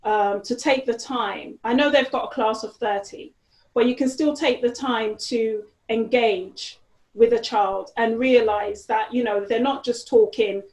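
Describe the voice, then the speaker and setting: A woman's voice: fairly high pitch, measured pace, darkish tone. Chatty woman, roomy echo. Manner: chatty, lots of fillers and restarts. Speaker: interview guest. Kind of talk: casual conversational interview.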